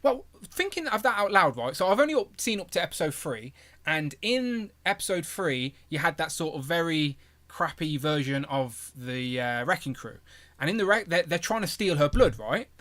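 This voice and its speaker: A man's voice: fairly high pitch, sing-song, normal speed, fairly bright tone. A man hosting a live stream in a casual, rambling way and reading out viewer messages. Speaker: host of a live toy stream. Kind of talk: casual chat.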